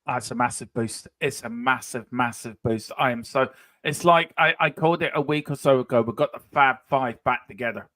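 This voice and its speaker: Man, football fan panelist, bright voice, dry sound, emphatic, repeats himself. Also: mid-range voice, moderate pace, dry recording. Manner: animated, emphatic, repeats phrases. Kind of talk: casual fan discussion.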